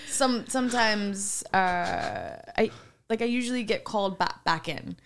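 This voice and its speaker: A woman co-hosting a podcast, telling a story in casual chat with animated delivery and frequent laughter. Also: medium pitch, slow, creaky, slight background noise.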